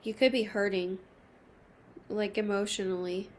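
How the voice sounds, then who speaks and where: A woman giving a tarot reading to her viewers, soft and reassuring, moved almost to tears, slowing down as she names each card. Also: mid-range voice, fairly even intonation. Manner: soft, emotional, reassuring, slow at card pulls. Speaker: tarot reader. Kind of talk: intimate tarot reading to camera.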